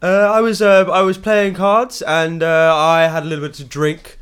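A man voicing a muddled, tipsy young man in a tabletop role-play, speaking slowly and vaguely. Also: a little high, little pitch movement, a bit bright, clear, resonant tone, lightly acted. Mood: woozy. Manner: slow, vague, bewildered.

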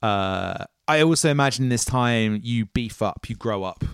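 A man's voice: medium pitch, lively intonation, moderate pace, gravelly, clear, resonant tone, dry recording, studio quality. A man narrating as game master, musing and hesitant, restarting his phrases and laughing often. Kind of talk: narrating a tabletop role-playing game.

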